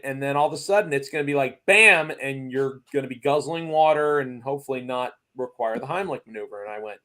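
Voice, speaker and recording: Man, guest in a casual chat, animated storyteller who acts out quotes, middle pitch. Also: fast, few pauses. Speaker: racing series guest.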